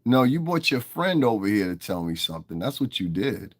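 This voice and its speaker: A man's voice: fairly low pitch, big pitch swings, brisk. A man hosting a livestream, talking straight to his chat in a profane, confrontational rant. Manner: profane and confrontational, heated tirade at viewers. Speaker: livestream host. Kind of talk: live-stream commentary, talking to chat.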